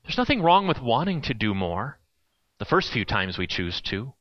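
A man's voice: medium pitch, sing-song, normal speed, muffled recording. A man preaching a sermon in a conversational way, with playful asides.

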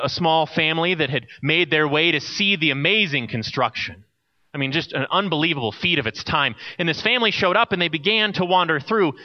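A male pastor preaching with lively, wide-ranging pitch, a storyteller who leans into every turn of the tale. His voice sits a bit high for a man, and the recording is dull and lo-fi. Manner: expressive storyteller, softening to a quiet close. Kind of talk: sermon.

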